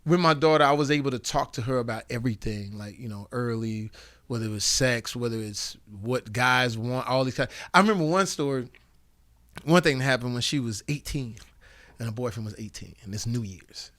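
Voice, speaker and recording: A man in his fifties, a podcast guest telling comic stories in an animated, slangy, profane way. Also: mid-range voice, brisk. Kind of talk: comic storytelling in a podcast interview.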